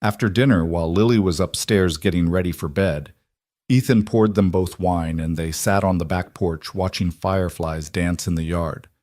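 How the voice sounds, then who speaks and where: A man giving scripted narration of a story, even and unhurried. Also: low voice, dry recording.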